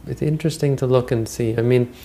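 A man's voice: mid-range voice, steady tone, fast, warm tone. A man giving a Buddhist dharma talk, retelling old stories in a rambling, conversational way with frequent restarts. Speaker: Buddhist teacher.

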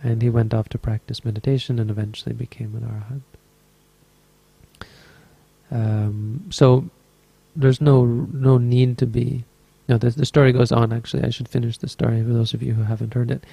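A man's voice: medium pitch, little pitch movement, fairly quick, creaky, warm tone, breathy edge, no echo. A man teaching as a Buddhist meditation teacher, telling a story in a dharma talk with an easygoing, rambling manner and frequent self-corrections.

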